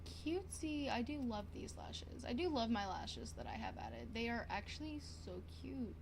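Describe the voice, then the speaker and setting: A young woman streaming a life-sim game, chatting casually to viewers in a bubbly, excitable way, gasping and repeating herself. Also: on the high side, moderate pace, creaky, a little hiss or hum. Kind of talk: casual gaming stream chat.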